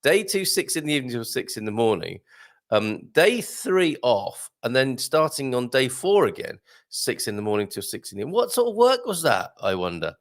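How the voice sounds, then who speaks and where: A man's voice: mid-range voice, very animated, normal speed. Guy hosting a morning livestream, reads out comments, goes up and down a lot, laughs, says um a bunch. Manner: chatty, jokey, laughs often, lots of ums. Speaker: host. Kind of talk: live-stream chat reading viewer comments.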